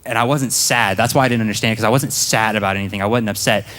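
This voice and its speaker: A young man gives his personal testimony to a church congregation, telling it casually as a story and acting out his past self. His voice is fairly low with a fairly bright tone, fast, and carries a big-room sound.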